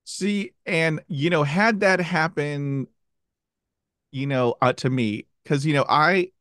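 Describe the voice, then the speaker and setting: A man with a stutter who hosts, talking in a halting, earnest way with many fillers. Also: a little high, fairly bright tone, no echo, clean studio sound. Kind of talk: casual chat.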